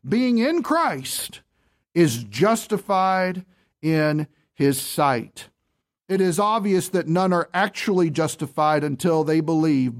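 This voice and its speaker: A man delivers a sermon with a slightly higher-pitched voice. He presses his points with rhetorical questions and answers them firmly. He reads quoted passages aloud and slows down on the words he wants to stress. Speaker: pastor.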